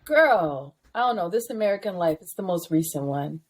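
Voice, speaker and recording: A woman co-hosting a podcast, telling stories in a casual, slangy, animated way with frequent laughter. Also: on the low side, normal speed, slightly rough. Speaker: podcast co-host. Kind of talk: casual chat, storytelling.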